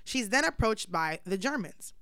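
Smooth-voiced woman telling a profane story. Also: mid-range voice, normal speed, no room sound, clean studio sound. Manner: animated, profane storytelling with slang. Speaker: podcast host. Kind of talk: casual chat, storytelling.

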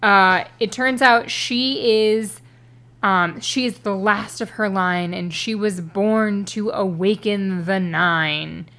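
A woman's voice: medium pitch, fairly even intonation, slow pace, fairly bright tone. A woman co-hosting a podcast, giving a wry, sarcastic book critique in casual chat. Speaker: podcast co-host.

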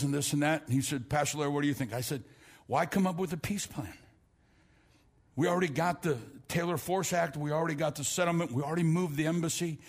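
A middle-aged male pastor preaching a sermon in a church, building to shouted emphasis and telling stories with stammered restarts. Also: fairly high pitch. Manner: preaching with rising, shouted emphasis and repeated phrases. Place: church sanctuary.

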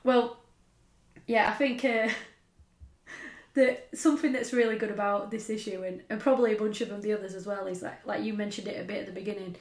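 A woman's voice: mid-range voice, fairly even intonation, fairly quick. A woman telling stories in a casual chat as podcast co-host, laughing often. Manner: laughing, chatty storytelling with dialect. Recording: roomy echo.

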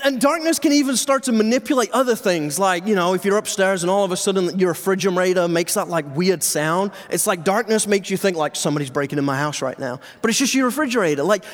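A male pastor giving a sermon in a conversational, joking way to his congregation. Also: high voice. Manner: conversational preaching, jokes with congregation. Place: church sanctuary with live audience. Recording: reverberant hall sound.

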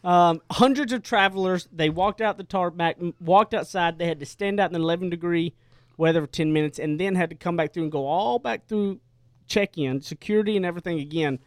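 A man with a fairly high voice hosts a casual radio talk show. He talks in a chatty, emphatic way. The studio sound is dry and close. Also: brisk, no echo.

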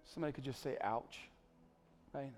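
A male pastor preaching a sermon, pleading with the congregation, surging to emphatic peaks and then dropping soft. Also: mid-range voice, normal speed, faint music behind.

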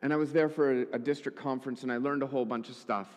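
A man's voice: medium pitch, steady tone, rapid-fire, darkish tone. A male pastor preaching a sermon, telling a story with wry humorous asides. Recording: echoey hall.

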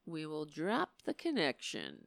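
A woman hosting a live political talk stream, speaking in impassioned, emphatic bursts and sounding a little hoarse. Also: low voice, wildly swooping pitch, measured pace, dry recording. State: losing her voice. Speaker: political talk show host.

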